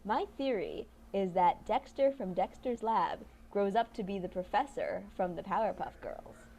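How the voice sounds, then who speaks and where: A woman in her twenties co-hosting a casual chat, talking in animated, rambling bursts with many restarts and laughs. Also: medium pitch, moderate pace, vocal fry, slight background noise. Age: 20s. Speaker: podcast co-host.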